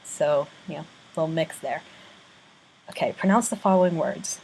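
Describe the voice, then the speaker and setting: A woman from North Carolina talks into her webcam in a casual vlog, slow and deliberate. Her voice sits a little low for a woman. She pronounces each word with care and pauses now and then. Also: steady tone, creaky, a little mellow, poor audio. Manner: unhurried, slightly hesitant, careful word-by-word pronunciation. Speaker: vlogger. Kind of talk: casual reading of a word list.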